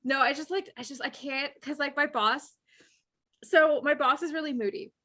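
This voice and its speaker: A young woman chats casually as a podcast guest, her high voice bright and ringing. She tells work stories with animated energy and swears freely. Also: normal speed. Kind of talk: casual chat.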